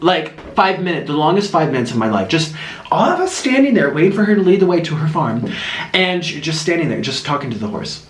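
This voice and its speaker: A young man telling a lively story while eating, laughing often and acting it out. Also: a little high, fairly quick, roomy sound, rough recording. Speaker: vlogger.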